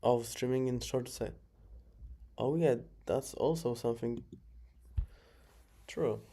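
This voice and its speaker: Going over his own chess games in a relaxed commentary, a man mumbles through the moves, fixes his mistakes and laughs softly. He has a mellow, medium-pitched voice and a slow pace, with background noise clearly present.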